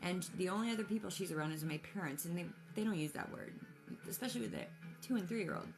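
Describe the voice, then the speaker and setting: Low gravelly woman telling a personal story. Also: fast, faint music behind. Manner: rambling, emotional, with many restarts and fillers. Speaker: mother.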